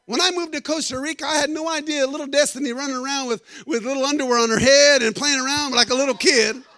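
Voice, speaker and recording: A middle-aged man preaching a sermon, telling animated stories and joking with the congregation. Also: extremely high pitch, fast talker. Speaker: guest preacher. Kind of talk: storytelling sermon.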